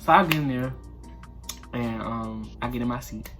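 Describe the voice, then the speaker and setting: A man tells a school story in loose, slangy speech, swearing freely and jumping into the voices of the people he quotes. Faint music plays softly behind him. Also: medium pitch, normal speed. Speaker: storytime vlogger.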